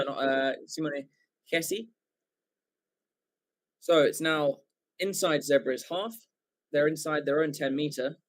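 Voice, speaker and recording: With a mid-range voice, an Englishman rambles excitedly through live play-by-play rugby commentary on a watchalong stream, correcting himself often and leaning heavily on fillers.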